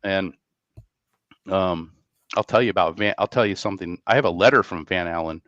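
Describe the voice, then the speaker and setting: A man's voice: deep voice, fairly quick, fairly bright tone, dry recording. Hesitant man hosting a podcast. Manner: hesitant, many restarts and fillers. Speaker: podcast host. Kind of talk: casual conversation. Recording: dry, muffled mic sound.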